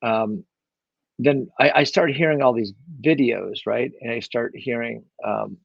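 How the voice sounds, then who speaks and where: This interview guest, a real estate investor on his own microphone, has a mid-range voice that is creaky and husky, and he takes his time. He tells his story in a rambling way full of fillers and restarts. The recording is lo-fi with no room sound.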